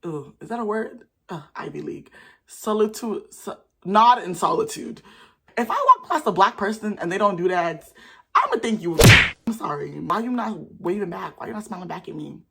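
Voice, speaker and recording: A young woman, telling stories to camera in a casual vlog in an animated, sassy way. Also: creaky, slight background noise. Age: young adult. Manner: animated, sassy, talks fast with sudden jumps in pitch. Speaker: vlogger.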